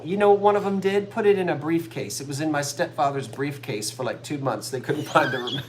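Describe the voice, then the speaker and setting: A woman from South Jersey with a South Jersey accent, hosting a live online sale and telling stories in a casual, animated way. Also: low voice, brisk, few pauses, slight background noise. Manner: chatty storyteller, animated, laughs easily.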